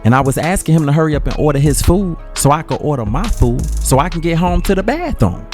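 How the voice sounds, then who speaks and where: A man voicing a tough, quick-tempered middle-aged mother who talks blunt and cusses with streetwise slang. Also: low voice, expressive, darkish tone, faint music behind, voice pushed up. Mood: brash, amused.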